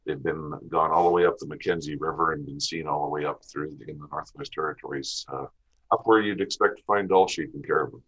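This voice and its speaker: Very deep-voiced Canadian man, husky. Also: fairly even intonation, a little fast, a bit bright, highs cut off. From Western Canada. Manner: easygoing, lists places and seasons. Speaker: podcast guest, hunter. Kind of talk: casual podcast interview.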